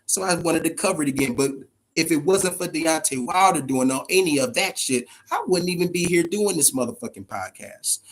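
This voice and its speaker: High-voiced guy ranting on his boxing podcast, swears a lot, stutters on repeats, talks back to chat. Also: lively intonation, brisk, hardly any pauses. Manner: profane, emphatic, repeats words when fired up; addresses chat viewers directly. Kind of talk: casual live-stream commentary.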